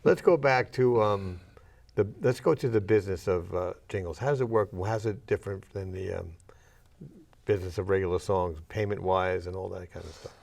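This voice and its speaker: A man hosting a casual interview, with a low, gravelly voice. He asks brief questions and nudges his guest along. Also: a little fast, a little mellow. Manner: short prompts and questions. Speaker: podcast host.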